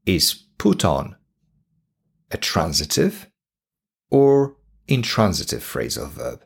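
Polish-accented male teacher, low husky voice, lively pitch, unhurried. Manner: slow and deliberate, repeating examples. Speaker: English teacher. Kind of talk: podcast English lesson.

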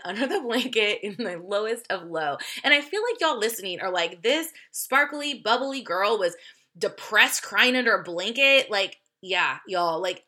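Woman podcast host, bright sharp voice, chatty and candid, swears a lot, laughs mid-sentence. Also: mid-range voice. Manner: chatty, speaks straight to listeners. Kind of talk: casual confessional storytelling.

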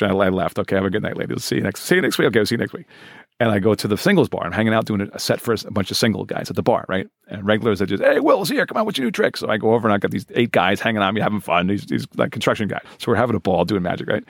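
A man in his forties, a magician telling stories fast and animatedly in a podcast interview. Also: fairly low pitch, creaky, dry recording, clean studio sound. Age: 40s. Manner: fast-talking, animated storyteller. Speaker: guest, professional magician.

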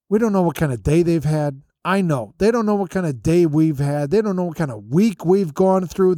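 A man's voice: on the high side, mellow, no room sound, studio quality. Chatty man telling stories from a hotel room. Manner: chatty, rambling, self-deprecating storyteller. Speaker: podcast host. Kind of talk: casual storytelling monologue. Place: hotel room with makeshift soundproofing. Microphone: podcast mic through an audio interface.

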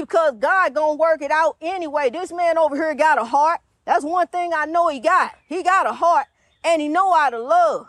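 A woman's voice: sits high, fairly bright tone, no echo, studio quality. A woman preaching informally in a rhythmic, repetitive style, urging listeners on and calling them honey.

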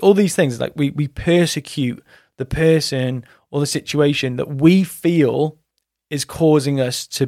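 A man's voice: medium pitch, darkish tone, no echo, studio quality. A man hosting a podcast, telling a story in a frank, blunt way with some coarse words. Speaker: podcast host and men's coach. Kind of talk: casual podcast monologue.

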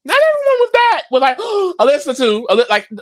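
A woman's voice: high-pitched, huge pitch swings, fairly quick. A woman casually recapping a reality show with a co-host, chatty and slangy. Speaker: podcast co-host.

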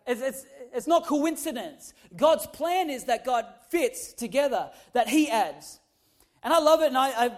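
High-voiced man preaching. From Australia. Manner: animated, humorous, building to loud emphatic peaks. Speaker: pastor. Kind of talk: sermon with personal storytelling.

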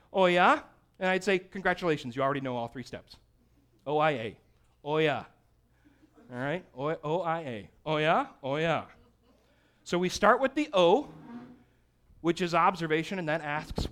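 A man teaching a Bible study class, energetic and often checking in with his listeners. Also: fairly high pitch.

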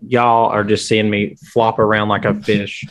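A man's voice: lowish voice, level tone, a little slow. A man co-hosting a casual podcast, joking and playful. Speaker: podcast co-host. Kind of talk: casual chat.

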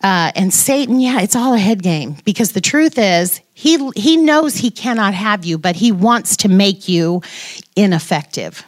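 A woman's voice: mid-range voice, animated, unhurried, no room sound, clean studio sound. A woman giving an informal devotional talk to a women's Bible study, chatty and self-deprecating, with playful asides.

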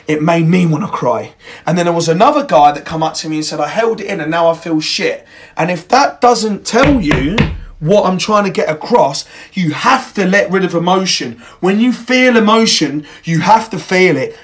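Blunt, sweary young man. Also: high-pitched. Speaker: podcast host. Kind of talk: motivational monologue.

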